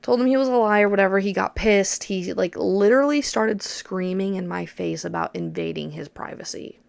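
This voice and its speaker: Midwest woman in her 20s venting on her podcast, super gravelly fry, dry close sound, swears a lot. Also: medium pitch, normal speed, dry recording. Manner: blunt, swears freely, animated when retelling. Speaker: podcast host. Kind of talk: candid personal storytelling.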